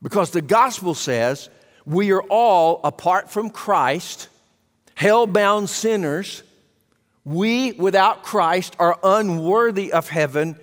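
A man preaching a sermon to a congregation, emphatic and asking rhetorical questions. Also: high voice. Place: church sanctuary. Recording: long hall reverb.

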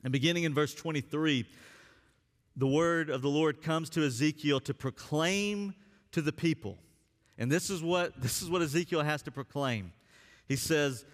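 A man's voice: mid-range voice, normal speed. A man preaching a sermon as pastor, speaking earnestly and drawing out key words for emphasis. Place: church sanctuary. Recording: long reverb of a church hall.

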